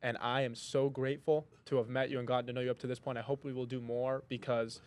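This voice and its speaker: Earnest young podcast host. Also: male voice, mid-range voice, little pitch movement, fast, clear, resonant tone. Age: 20s. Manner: earnest, effusive, grateful. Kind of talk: podcast interview.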